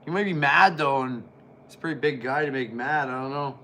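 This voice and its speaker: A man's voice: mid-range voice, brisk, pushed and bright, slight background noise. A man casually commenting on old wrestling as he watches, rambling and joking. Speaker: wrestling reviewer.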